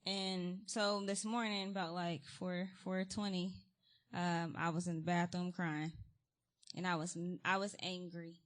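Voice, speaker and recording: A woman's voice: lowish voice, level tone, unhurried. A woman guest speaker giving an informal sermon in a church, candid and conversational with frequent ums and likes, reading scripture aloud with rising emphasis. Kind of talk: informal testimony-style sermon. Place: church sanctuary.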